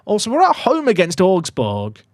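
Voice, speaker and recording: A young man giving casual, excitable commentary on his game to his chat, swinging from muttering to loud outbursts. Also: sits high, normal speed, no echo, clean studio sound. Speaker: gaming YouTuber.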